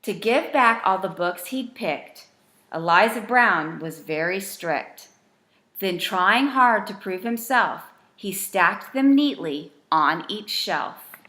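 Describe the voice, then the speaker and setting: Woman reading a rhyming bedtime story, slow and gentle, sing-song rhythm. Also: medium pitch, lively intonation. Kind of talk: bedtime story read-aloud.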